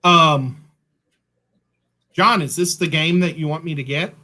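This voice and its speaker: A man's voice: fairly high pitch, measured pace, pushed and bright. A man co-hosting a casual chat, playful and talkative with joking asides, a bit sleepy. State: sleepy, yawning. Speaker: co-host.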